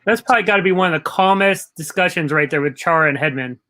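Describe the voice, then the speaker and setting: Man co-hosting, frank opinionated hockey chat, bright slightly high voice. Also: quick pace, faint music behind. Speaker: co-host. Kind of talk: casual live game commentary.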